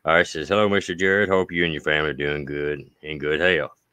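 A low-voiced man with an Appalachian accent and a smooth, resonant sound reads viewer letters on a casual livestream. His tone is bright and forceful, and his manner is folksy, with thanks drawn out at length. The recording is close and dry. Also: flat delivery, a little fast, no echo. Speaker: host reading viewer mail.

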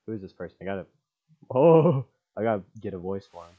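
A man's voice: lowish voice, sing-song, quick pace, narrow, tinny audio. Goofy young man doing game commentary. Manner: goofy, jokey and rambling. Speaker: gamer. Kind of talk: casual let's-play commentary.

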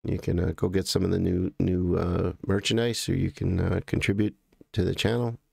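An American man hosting a live stream, chatting casually and in a halting, rambling way as he greets viewers by name. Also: sits low, flat delivery, vocal fry, darkish tone, slightly rough, dry recording, clean studio sound.

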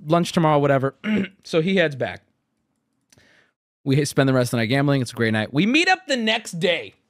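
Animated, lively-voiced male streamer storyteller. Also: a little high, moderate pace, dry recording, clean studio sound. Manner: animated, profane, laughs often. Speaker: streamer host. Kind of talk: casual storytelling.

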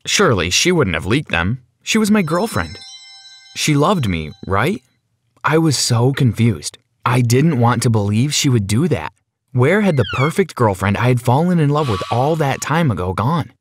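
A man narrates his own story for an animated video, leaning into the drama with an anxious edge. His voice sits in a middle range and moves up and down a lot as he tells it. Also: mid-range voice, moderate pace, slight background noise. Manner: dramatic, anxious first-person telling.

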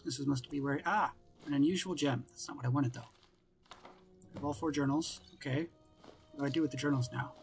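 Gravelly man muttering through a game. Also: mid-range voice, brisk, faint music behind. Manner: wry, mutters to himself and the game. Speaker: gameplay commentator. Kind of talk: casual let's-play commentary.

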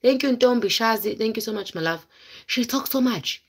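A woman's voice: fairly high pitch, lively intonation, moderate pace, creaky, slightly rough. A woman vlogger telling a story to her live viewers in a dramatic, exclaiming way. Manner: dramatic, exclaiming, mixes in local words. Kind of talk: casual storytelling chat with viewers.

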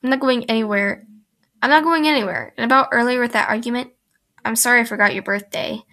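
A woman's voice: fairly high pitch, quick pace, sharp tone. A woman reading the lines of a laid-back, smirking teenage boy aloud from a fan fiction, in a plain voice that stumbles over words.

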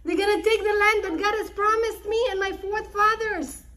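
A woman's voice: extremely high pitch, fairly even intonation, a little fast, sharp tone, voice pushed up. A woman voicing an alarmed old father who scolds his sons with frantic repeated questions.

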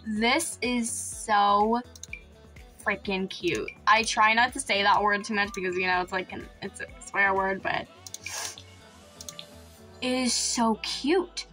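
A woman's voice: mid-range voice, slow pace, pauses often, pushed and bright, soft background music. A woman hosting a let's-play gaming video, gushing over the game with frequent gasps, squeals and laughs. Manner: playful, breaks into laughs. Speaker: gaming channel host. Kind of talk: excited let's-play commentary.

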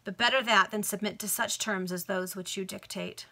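A woman's voice: medium pitch, steady tone, moderate pace, vocal fry, bright, forceful tone. A woman voicing a desperate male Victorian banker in a read-aloud novel, pleading and agitated.

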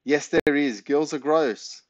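A man's voice: a little high, takes it slowly, no room sound, highs cut off, voice pushed up. A man reading aloud, voicing an awkward, embarrassed young boy.

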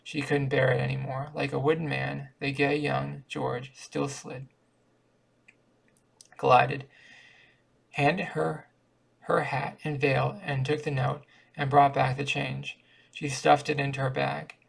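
A man reading a short story aloud in an even, careful way, now and then stumbling over a word. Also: medium pitch, normal speed, vocal fry. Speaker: reader.

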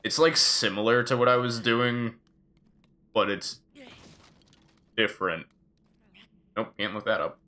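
A man's voice: on the low side, measured pace, pauses often, sharp tone. A man streaming a video game live and chatting casually, joking and swearing freely as he plays. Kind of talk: casual live gameplay commentary.

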